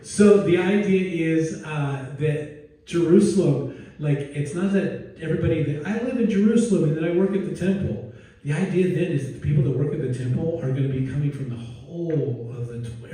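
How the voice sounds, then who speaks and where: A male pastor gives a relaxed, rambling sermon, restarting sentences and slipping in jokes. His voice sits somewhat high with a warm, mellow tone. The mic is set back, so the sound washes around a heavily reverberant church sanctuary. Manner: casual, digressive, with joking asides and restarts. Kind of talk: conversational sermon. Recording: very echoey room, distant mic.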